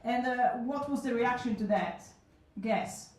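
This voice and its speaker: A woman's voice: a little high, measured pace. A woman in her thirties telling comic stories at a live event, frank, self-mocking and chatty with asides. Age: 30s. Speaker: solo show performer telling stories. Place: small cafe event room. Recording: echoey room from a distance.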